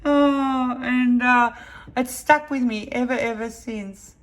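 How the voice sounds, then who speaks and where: A woman's voice: a little high, slow pace. A woman hosting a crafting channel, telling stories in a chatty, rambling way with many asides. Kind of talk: casual storytelling to camera.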